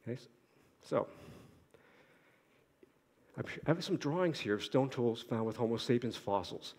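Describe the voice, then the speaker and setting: Middle-aged guy from boston giving a conference talk, talks fast, trips over himself, dry jokes, big hall echo. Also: mid-range voice, expressive, darkish tone. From Boston, United States. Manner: quick-talking with restarts and wry self-addressed asides. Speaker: conference speaker, archaeologist. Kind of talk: academic conference lecture. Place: lecture hall. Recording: long hall reverb.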